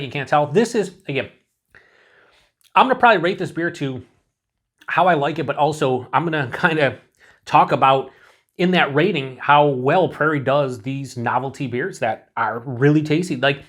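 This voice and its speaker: A man's voice: on the high side, fairly bright tone. A man reviewing a beer on his own in a casual, rambling way, full of fillers and restarts, cheerful and swearing now and then.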